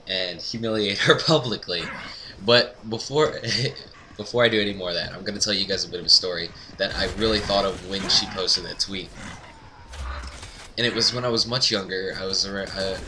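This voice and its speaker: Man, low-pitched voice, gameplay commentary, casual storytelling, frequent laughs, noisy mic. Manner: animated, laughing, rising to excited yelps. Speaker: gaming commentator.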